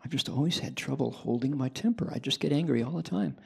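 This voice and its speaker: A man's voice: mid-range voice, gravelly, darkish tone, husky, full character voice. A man voicing an eager male newspaper reporter who confides his struggles in a raised, earnest voice. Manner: earnest, confiding, talks in quick bursts.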